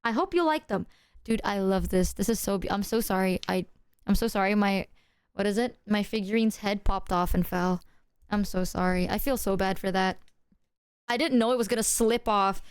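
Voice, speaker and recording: A woman streamer chatting to her viewers, excitable and apologetic as she shows off gifts. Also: medium pitch, moderate pace, smooth, no echo, clean studio sound. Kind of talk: casual stream chat to viewers.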